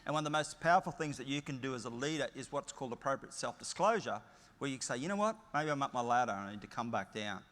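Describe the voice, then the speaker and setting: A middle-aged Australian man gives a keynote in a large conference hall, his mid-range voice fairly bright and animated as he talks fast. He tells chatty, plain-spoken stories laced with humour, and a long hall reverb trails his words.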